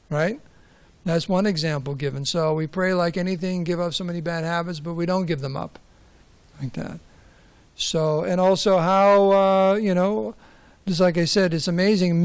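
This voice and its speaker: A man's voice: high voice, clear, resonant tone. A man giving a conversational scripture class, asking rhetorical questions and telling stories. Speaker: class speaker.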